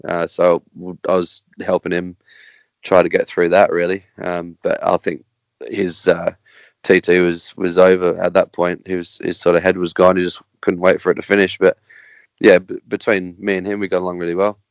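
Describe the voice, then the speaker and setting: An Australian man, a guest racer, chatting casually on a podcast in a halting, rambling way with many restarts. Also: low-pitched, completely flat delivery, clear, resonant tone, dry recording.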